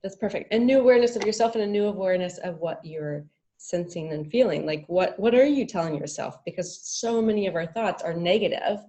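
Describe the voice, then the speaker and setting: A woman's voice: mid-range voice, animated, fairly quick, hardly any pauses, warm tone. A woman hosting an interview, affirming her guest and asking questions with frequent fillers. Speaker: host.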